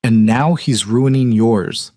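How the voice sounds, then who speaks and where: A man's voice: mid-range voice, lively intonation, normal speed, darkish tone, close to an everyday voice. A man voicing an upset, protective best friend.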